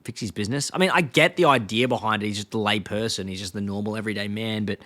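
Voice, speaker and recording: A man's voice: on the low side, quick pace, fairly bright tone, no echo. A man co-hosting a casual podcast chat. He retells scenes and acts out the lines in a raised voice. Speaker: podcast co-host.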